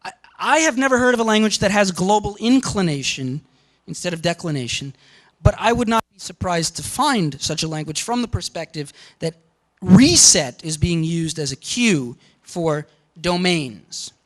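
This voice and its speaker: A man giving a university lecture, animated and often checking in with the class. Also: sits high, normal speed, low-quality recording.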